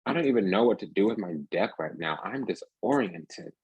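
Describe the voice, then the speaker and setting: A man's voice: low voice, animated, fast, a little mellow, lo-fi sound, a little hiss or hum. A man giving a rambling, emphatic casual tarot reading, talking restlessly from card to card. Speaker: tarot reader.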